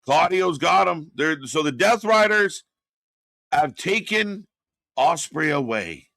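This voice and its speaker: Exasperated, swearing wrestling reaction host. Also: male voice, a little high, takes it slowly, creaky, dry recording. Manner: profane, exasperated ranting, then calmer replies to chat. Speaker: live stream watch-party host. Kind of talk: live reaction commentary, reading chat.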